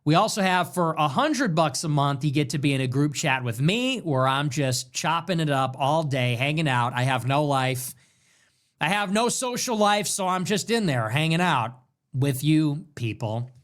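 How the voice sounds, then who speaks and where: A man's voice: a little high, expressive, moderate pace, fairly bright tone. A young man hosting his own livestream, ranting and joking sarcastically about the news. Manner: mocking, joking, rants. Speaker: political streamer host.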